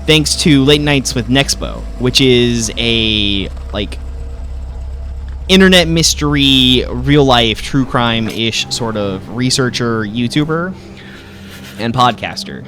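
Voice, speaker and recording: A man's voice: mid-range voice, expressive, takes it slowly, pushed and bright, slight background noise. A man giving casual, joking let's-play commentary, thinking aloud as he goes. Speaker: gaming host.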